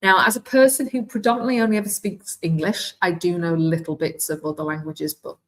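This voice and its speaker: A woman with a Welsh accent giving a live online software demonstration as a teacher trainer, chatty and thinking aloud as she clicks through. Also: fairly low pitch, a little fast, poor audio. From Wales.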